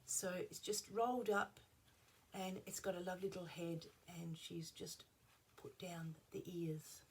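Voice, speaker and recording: A middle-aged woman chatting casually at her craft table at home, rambling and drifting into soft asides, a little unwell. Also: lowish voice, flat delivery, unhurried, a little hiss or hum. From Australia. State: slightly unwell. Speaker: craft vlogger. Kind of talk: casual show-and-tell chat.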